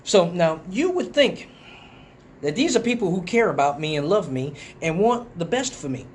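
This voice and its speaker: A man from Detroit tells a profane story on a live stream at a moderate pace, with slight background noise. He's animated and acts out the quotes in a higher voice in this casual storytelling.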